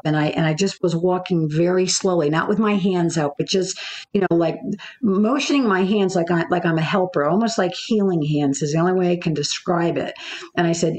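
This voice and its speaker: A woman, a business coach, telling an interviewer a personal story in a halting way, full of fillers and restarts. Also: lowish voice, darkish tone.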